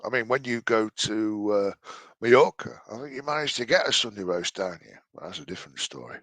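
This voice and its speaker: A man's voice: lowish voice, lively intonation, brisk, fairly bright tone, no echo. Sarcastic, sweary man commenting dryly. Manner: mocking, exasperated, sweary. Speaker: reaction commentator.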